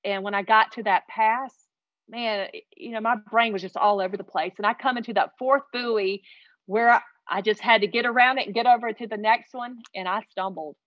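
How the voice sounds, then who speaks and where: A woman telling a heartfelt personal story as an interview guest, earnest and animated. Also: fairly high pitch, brisk, no echo, dull audio.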